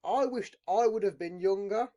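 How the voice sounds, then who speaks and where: A man's voice: high-pitched, normal speed, dark tone. A man hosting a podcast, swearing constantly and talking in a rambling, blunt, casual way. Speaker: podcast host.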